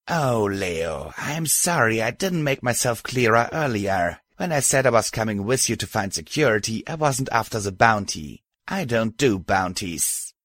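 A man's voice: lowish voice, big pitch swings, unhurried, few pauses, a bit bright, dry recording, clean studio sound, full character voice. A man reading an audiobook, voicing an armored female pony warrior who talks casually with a crude smirk. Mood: cocky. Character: armored female pony killer, cocky, grinning.

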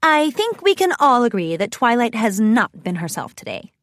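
An elegant, theatrical female pony from a storybook, as a woman reader puts her on. She trills her words in a refined way, her pitch high and leaping about. The sound is close and dry. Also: very animated, moderate pace, dry recording. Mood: firm.

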